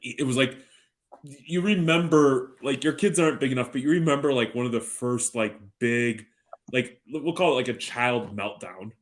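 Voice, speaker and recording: A man's voice: mid-range voice, normal speed. Man, thirties, podcast co-host, rambling storyteller, dry humor, swears freely. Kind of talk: casual chat.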